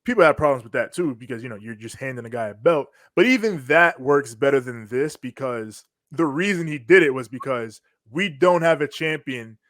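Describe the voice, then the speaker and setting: A man's voice: medium pitch, moderate pace, hardly any pauses, dry recording. Slangy man recapping wrestling, dry sound. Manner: animated storytelling with slang, acting out quotes. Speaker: podcast co-host. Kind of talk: casual wrestling recap chat.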